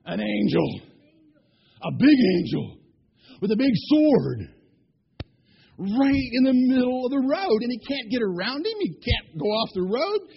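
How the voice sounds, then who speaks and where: A man telling a Bible story in an animated way, asking his listeners questions. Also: very high voice, unhurried, creaky, long pauses, slightly rough, lo-fi sound.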